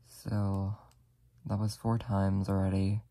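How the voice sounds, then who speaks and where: Low-voiced craft tutor with a dark, gravelly tone, talking gently and apologetically through each step. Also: monotone, takes it slowly. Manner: soft-spoken, apologetic, talks while working with frequent "like" fillers. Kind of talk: casual step-by-step tutorial narration.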